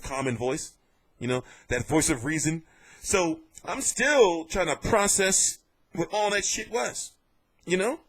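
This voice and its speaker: A man giving casual vlog commentary on boxing, telling it in an animated, jokey and profane way. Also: high-pitched, husky.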